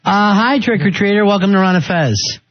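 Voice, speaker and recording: A man's voice: high voice, animated, a little fast, no echo, lo-fi sound. A male radio host bantering casually and teasing callers with playful questions.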